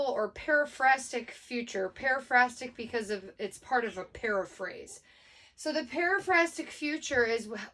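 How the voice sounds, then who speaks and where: A woman's voice: fairly high pitch, a bit bright, distant mic. A woman Spanish teacher giving a casual recorded lesson, explaining grammar step by step with many fillers.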